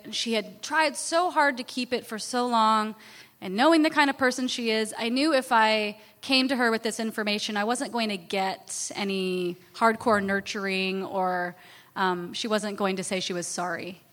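Chatty woman telling a story, slightly high. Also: normal speed, fairly bright tone, big-room sound. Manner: chatty, self-deprecating, laughs often. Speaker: interview guest, author. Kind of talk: candid personal storytelling.

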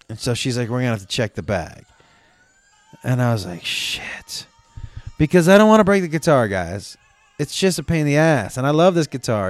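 Male host, casual profane storyteller, smooth resonant voice, dry close mic. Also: mid-range voice, no echo. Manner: rambling, profane, self-correcting. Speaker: show host telling a story.

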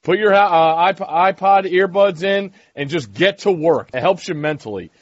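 A man's voice: sits high, no room sound, muffled recording. A man co-hosting a casual podcast chat, teasing and rattling off tips. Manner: teasing, gives rapid tips. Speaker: podcast co-host.

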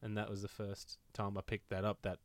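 A man co-hosting a casual podcast chat, telling dry jokes and trailing off into quiet asides. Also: lowish voice, monotone, brisk, no echo. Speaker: podcast co-host.

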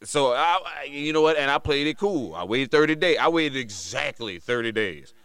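A middle-aged man telling a story on a podcast in a casual, animated way, slipping into other voices to act out quotes. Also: medium pitch, normal speed, clean tone. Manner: animated, mimics voices in quotes, laughs often. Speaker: podcast co-host.

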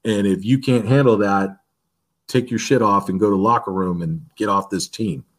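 A man who coaches a defensive line, telling practice stories in an interview and acting out the lines he shouts at players. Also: lowish voice, normal speed. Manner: animated, acts out shouted quotes from practice. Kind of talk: interview storytelling.

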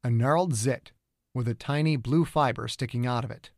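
A man's voice: medium pitch, no echo. Man narrating a thriller audiobook, dry sound. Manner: steady, measured storytelling. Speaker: author and narrator.

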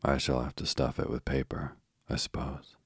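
A man voicing a caring older girl, the eldest sister, gently worried and coaxing. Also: rumbling low, completely flat delivery, moderate pace, slightly rough, dry recording, studio quality.

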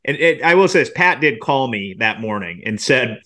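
Brief: male podcast co-host, bright, tense tone, halting and self-mocking. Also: medium pitch, animated. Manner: self-deprecating, halting with many restarts. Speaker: podcast co-host, sports reporter. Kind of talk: sports podcast chat.

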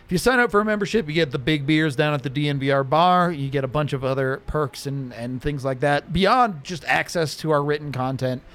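Man, podcast host, casual chat, relaxed, filler-heavy, higher voice. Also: brisk, few pauses. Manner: relaxed, many fillers, gives shout-outs.

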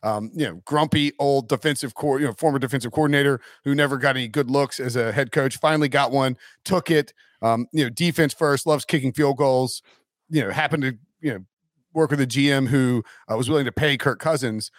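A man's voice: mid-range voice, fairly quick, no echo, clean studio sound. A man hosting a casual sports talk show, rambling with many fillers and restarts. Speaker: podcast host.

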